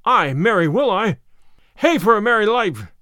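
Guy doing an over-the-moon burly tanner, cheering, voice kinda high. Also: very animated, moderate pace, a bit bright, no room sound, clean studio sound, exaggerated voice. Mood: joyful. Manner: joyful, exclaiming. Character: joyful brawny male tanner joining outlaws.

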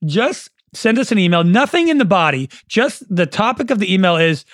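A man's voice: sits high, very animated, a little fast, fairly bright tone, dry recording, clean studio sound. A man co-hosting a casual podcast, cracking teasing jokes. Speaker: podcast co-host. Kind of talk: casual chat.

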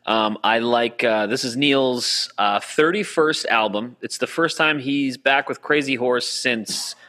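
Bright-voiced man on a home podcast. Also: medium pitch, a little slow. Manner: nervous, chatty, rambling. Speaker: podcast co-host. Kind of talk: casual chat. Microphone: home computer mic on a video call.

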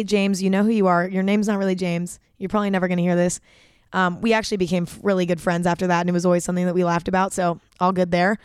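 A woman's voice: lowish voice, smooth, no echo, studio quality. A young woman hosting a podcast and telling a personal story in a casual, chatty way, packed with fillers and frequent swearing. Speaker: podcast host.

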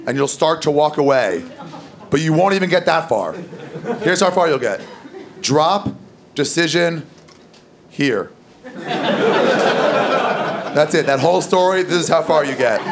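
Gravelly stand-up comic man. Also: a little high, lively intonation, unhurried, pauses often. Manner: loose, storytelling, crude. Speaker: stand-up comedian. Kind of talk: stand-up comedy set. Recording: live stand-up with loud crowd laughter.

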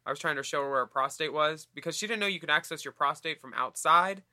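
Sardonic, very bright male co-host. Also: fairly high pitch, quick pace, no echo, clean studio sound. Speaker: podcast co-host. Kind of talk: casual podcast banter.

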